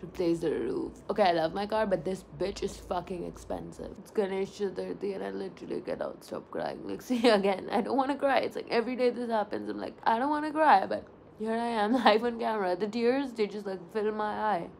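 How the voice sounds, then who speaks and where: A woman's voice: medium pitch, lively intonation, a little fast, vocal fry, darkish tone, slight background noise, low-quality recording. A woman of about twenty, chatting candidly and rambling to her phone camera in a casual vlog, with plenty of swearing. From India. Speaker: vlogger.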